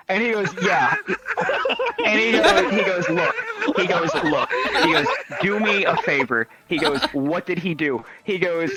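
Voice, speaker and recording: A young man telling a story in casual chat, animated and swearing freely as he acts out the people in it. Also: on the high side, rough recording.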